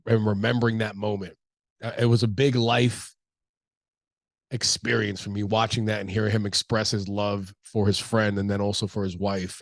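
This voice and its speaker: A man's voice: on the low side, dry recording. A man in his thirties, stuffy from allergies, talking casually and profanely in a loose, rambling way as a comedian hosting his own show. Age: 30s. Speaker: comedian podcast host. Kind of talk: casual solo talk.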